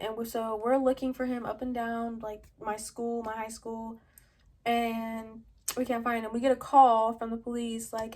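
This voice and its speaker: A young woman talks into her camera at home, her voice sitting a little high. She rambles casually, leaning on fillers like "like" and "um" as she tells a personal story. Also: level tone, moderate pace, darkish tone. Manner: rambling, heavy use of "like" and "um", with short laughs. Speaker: vlogger.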